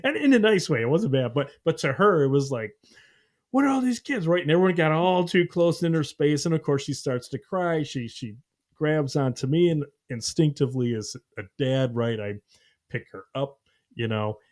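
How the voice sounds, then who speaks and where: A middle-aged man hosting a podcast, telling a family story in a lively, laughing way and briefly acting out the voices in it. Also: fairly high pitch, moderate pace. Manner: animated, laughing, acts out voices in his story. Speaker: podcast host. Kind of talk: casual storytelling chat.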